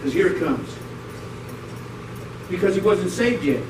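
A man's voice: high-pitched, lively intonation, unhurried. A Puerto Rican-born male pastor with a New York accent, preaching a joking, slangy sermon. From Puerto Rico. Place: church sanctuary. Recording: roomy hall, distant mic, noisy.

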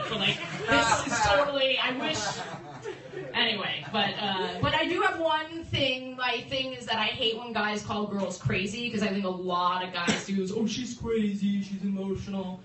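Young woman doing stand-up, heard from afar. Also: a little high. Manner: chatty, self-interrupting, laughing between jokes. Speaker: stand-up comedian. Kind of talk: stand-up set. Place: comedy club. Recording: roomy, distant phone stream with background noise.

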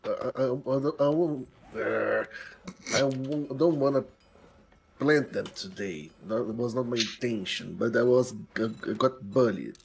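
Guy gaming with friends, slow and stammery. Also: medium pitch, vocal fry, slight background noise. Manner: hesitant, stammering. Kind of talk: casual multiplayer game chat.

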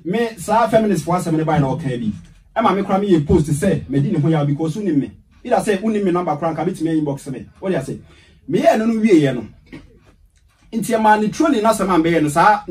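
A boastful Ghanaian man talks quickly in a high voice and switches between Twi and English in heated radio banter. He sounds a little distant from the mic, and the broadcast catches him slightly off-axis. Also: darkish tone. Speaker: radio guest.

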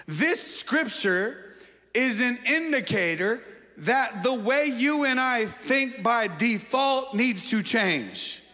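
A man's voice: very high-pitched, animated, takes it slowly, bright, forceful tone. A male pastor giving a sermon, joking and quizzing his congregation in a playful way. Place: large church auditorium. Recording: long church-hall reverb.

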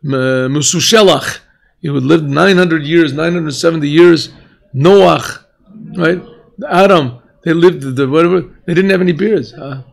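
Rabbi teaching a yeshiva class, fairly high gravelly voice, questioning, clears throat. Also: male voice, unhurried. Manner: questioning, mixes Hebrew phrases, clears throat often.

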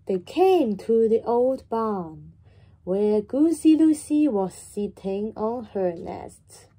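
A woman reading a children's story aloud in a slow, animated, sing-song way. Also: a little high.

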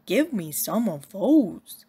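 A woman voicing a clumsy, friendly young male moose who talks in a slow, earnest, literal way. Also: medium pitch, very animated, mellow, breathy edge, full character voice.

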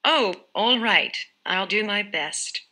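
A woman reading as Wendy, a gentle little girl. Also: mid-range voice, lively intonation, slow, exaggerated voice, poor audio.

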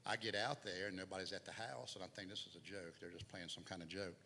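Speaking quickly in a low, steady, sharp voice, a middle-aged man delivers a testimony as a guest preacher in a church sanctuary. His voice rises and falls as he tells the story, and the recording carries hall reverb and faint noise.

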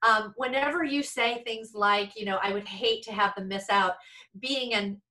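A middle-aged woman speech-language pathologist explains cases to colleagues over a video call. Her voice is bright and forward, and she talks in a chatty way, restarting sentences and tossing in self-deprecating asides. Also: medium pitch, normal speed, rough recording. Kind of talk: explaining to fellow clinicians.

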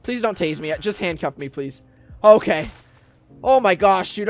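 A man's voice: high-pitched, expressive, a little slow, no echo. A man giving roleplay gameplay commentary, dramatic and exasperated, with whiny pleading and complaints. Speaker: gaming YouTuber.

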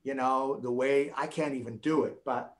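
A man's voice: medium pitch, fairly even intonation, moderate pace. An older man with a light New England accent talks casually as a guest on a video call. He rambles from one story to the next, joking along the way. He often restarts his sentences mid-thought. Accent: light Boston-area New England. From New England, USA. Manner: chatty, rambling, jokey with restarts. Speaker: guest pianist. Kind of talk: casual chat.

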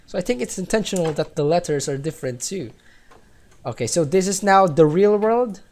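Animated young-sounding male gamer. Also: sits high, fairly quick. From Philippines. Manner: chatty, giggly, reads game text aloud. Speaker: gaming let's-player. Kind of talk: casual game commentary.

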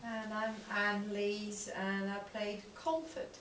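A woman actress talking about filming at a Q&A, unhurried and trailing off. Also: medium pitch, little pitch movement, a bit bright, slight background noise. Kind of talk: casual Q&A talk. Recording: echoey room from far off.

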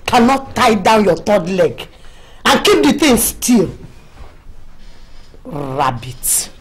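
An actress with a Nigerian accent playing a sharp-tongued, quarrelsome wife who mocks and insults. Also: female voice, mid-range voice, sing-song, slow pace. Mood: taunting. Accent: Nigerian Pidgin-tinged English. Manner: taunting, insulting.

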